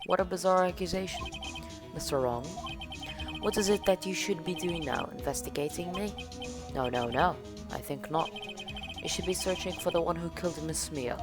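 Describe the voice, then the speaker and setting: A woman's voice: lowish voice, moderate pace, natural voice. A woman doing a smug, menacing rich villain. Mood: condescending. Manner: haughty, condescending, threatening. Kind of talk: voicing a video game let's play. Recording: game music playing behind. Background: game music.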